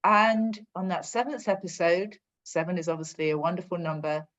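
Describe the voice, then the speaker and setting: A woman's voice: fairly low pitch, fairly even intonation, moderate pace, fairly bright tone. A woman giving a heartfelt, effusive testimonial on a group call. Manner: emotional, effusive. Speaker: guest participant. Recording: dull lo-fi call audio.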